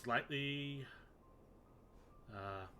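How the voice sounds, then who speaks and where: Male game streamer, mid pitch, animated and joking, casual swearing, music bed behind. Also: drawn-out words. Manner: rambling, joking, casually profane. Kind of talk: casual gameplay commentary.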